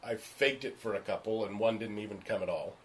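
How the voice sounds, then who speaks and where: A man's voice: fairly low pitch, fairly quick, a little hiss or hum. A male actor telling stories in casual chat, frank and emphatic, acting out the voices of the people he talks about. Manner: animated, acts out the voices of people in his stories. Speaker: stage and screen actor.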